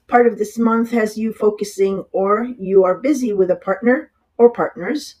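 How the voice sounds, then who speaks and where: An astrologer with a cold and a raspy voice, giving a casual horoscope reading that rambles, with many fillers and restarts, and often apologizing. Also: mid-range voice, a little mellow, poor audio. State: has a cold.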